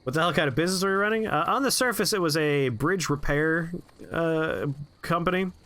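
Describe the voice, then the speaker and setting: A man streaming a video game, telling a story in an animated, profane and chatty way. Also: a little high, brisk.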